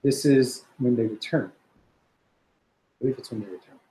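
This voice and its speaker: A man's voice: medium pitch, unhurried, mellow, reverberant, low-quality recording. A man teaching a text study class, reading Hebrew passages aloud and explaining them with frequent restarts. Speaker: Torah teacher.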